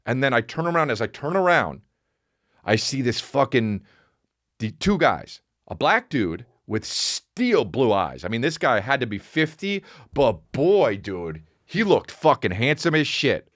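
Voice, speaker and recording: A man in his forties hosting a podcast, telling a rambling, profane story and jumping into high voices for quotes. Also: sing-song, unhurried, a bit bright, dry recording, studio quality. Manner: rambling and profane, acts out quotes with big pitch jumps. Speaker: podcast host. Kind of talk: casual monologue.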